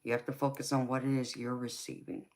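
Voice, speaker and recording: Speaking fast in a rumbling low, slightly mellow voice with little pitch movement, a Southern US woman does a live tarot reading. She answers the chat reassuringly and casually, peppering her talk with "you know."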